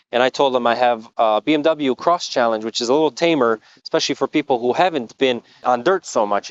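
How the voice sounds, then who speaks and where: A man's voice: medium pitch, dry recording, dull audio. A man working as a motorcycle tour guide, telling the story of a crash in earnest vlog narration outdoors on a mountain road. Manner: earnest storytelling, explains carefully.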